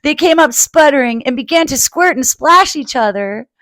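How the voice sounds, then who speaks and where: A woman's voice: sits high, expressive, fairly bright tone, no room sound. A woman reading a picture book aloud to children and adding her own asides. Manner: slow, adds asides for children.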